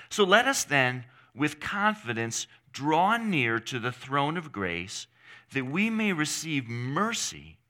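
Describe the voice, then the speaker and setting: A male pastor preaching a sermon in an earnest, emphatic way, with long pauses between phrases. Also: medium pitch, bright, forceful tone.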